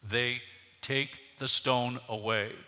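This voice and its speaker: A man preaching a sermon as pastor, moving from quiet scripture reading to loud, emphatic preaching. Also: mid-range voice, fairly even intonation, slow, big-room sound.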